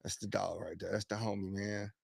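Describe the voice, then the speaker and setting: A man co-hosting a live podcast, animated and hyped, telling stories and giving shout-outs. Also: on the low side, a little fast, vocal fry, slightly rough, no room sound. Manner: animated, hype storytelling with laughs and shout-outs. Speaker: podcast co-host. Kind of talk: casual live-stream chat.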